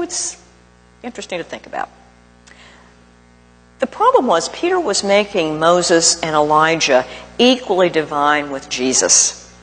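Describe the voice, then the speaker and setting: A male preacher delivers his sermon at an unhurried, measured pace, leaning on pauses for emphasis. His voice rings out with a long reverb, as in a large hall. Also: fairly high pitch, very animated, fairly bright tone, soft background music.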